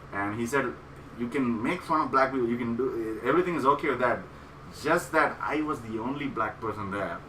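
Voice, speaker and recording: A man's voice: on the low side, pushed and bright, echoey room, far from the mic, a little hiss or hum, rough recording. A man co-hosting a casual podcast, telling a long stand-up story with many fillers and laughs. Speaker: podcast co-host, comedian.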